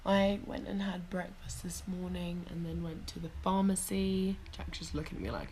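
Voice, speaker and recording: A woman's voice: lowish voice, normal speed, darkish tone, slight background noise. A young woman with a cold, vlogging casually as she travels, chatting and rambling with lots of fillers, recorded outdoors on a handheld action camera. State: has a cold. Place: hostel rooftop and city streets outdoors.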